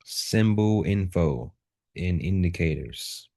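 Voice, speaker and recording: Brief: low-pitched male instructor, unhurried delivery, repeats words for emphasis. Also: expressive, vocal fry, mellow. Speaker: trading instructor. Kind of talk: live chart walkthrough lesson.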